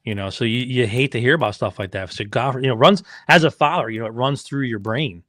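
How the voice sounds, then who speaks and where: A man's voice: mid-range voice, brisk, a bit bright, no room sound, clean studio sound. A man who owns a racing team and is the father of a rider, telling stories in a casual podcast chat. He acts out quotes and swears freely.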